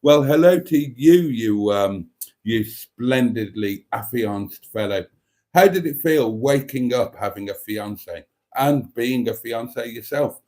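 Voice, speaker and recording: Reading chat comments aloud during a casual livestream, a man offers wry, camp asides and frequent laughter. His medium-pitched, mellow voice keeps a measured pace with few pauses.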